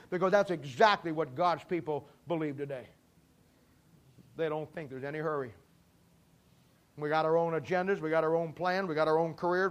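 High-voiced folksy preacher. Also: male voice, a bit bright. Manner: folksy storytelling preacher, acts out dialogue. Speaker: pastor. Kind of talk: sermon.

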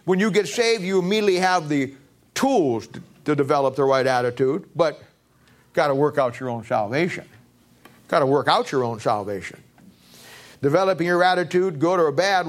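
A man preaching a sermon as pastor, emphatic, repeating lines and asking rhetorical questions, with frequent stumbles and restarts. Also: on the high side.

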